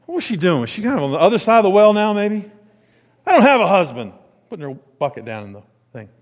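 A male pastor gives a sermon in a chatty, animated way, sometimes pausing to hunt for a word. His voice sits high for a man. A long reverb hangs on every phrase, as in a large hall. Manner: conversational, animated, searching for words.

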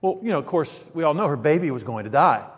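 A man with a fairly high voice preaches a storytelling sermon. He drops into hushed, nearly whispered asides, then climbs to loud, emphatic lines. A long reverb trails every word, as in a large hall. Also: expressive, fast talker, breathy edge. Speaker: pastor.

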